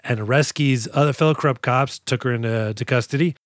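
A man co-hosting a podcast, recapping a movie in casual chat, animated and profane as he acts out scenes. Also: medium pitch, brisk, dry recording, clean studio sound. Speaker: podcast co-host.

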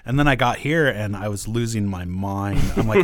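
A man's voice: lowish voice, normal speed. A man as a podcast guest, telling stories and acting out the people in them. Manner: animated storyteller, acts out quotes. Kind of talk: casual chat.

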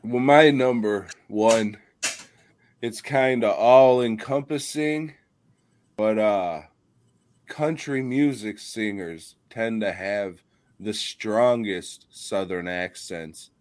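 A man's voice: on the low side, slow pace, a little mellow. A man co-hosting a podcast, ranting profanely in casual comedic chat and laughing often. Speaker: podcast co-host.

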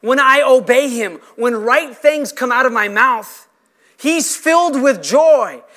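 A man preaching with a strikingly high, bright, forceful voice. His delivery is impassioned and emphatic, slowing down to press home key lines. He sounds like a pastor mid-sermon before a congregation. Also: expressive. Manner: impassioned, emphatic preaching with slow stressed phrases. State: emotional.

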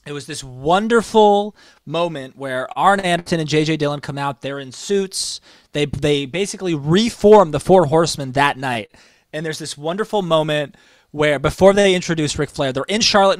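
A man's voice: on the high side, clean tone, dry recording. A man co-hosting a casual wrestling chat, telling stories with enthusiasm as he counts down a list. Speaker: wrestling podcast co-host.

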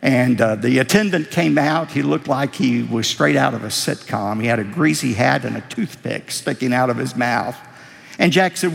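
A man's voice: moderate pace, gravelly, in a large hall. An older man preaching a sermon as a pastor, telling stories and acting out the people he quotes. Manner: storytelling, acting out quotes with rising pitch.

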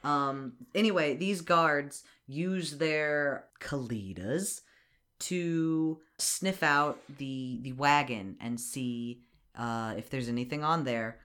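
A podcast host recapping a movie in a chatty, animated way, swearing freely. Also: medium pitch, slow pace.

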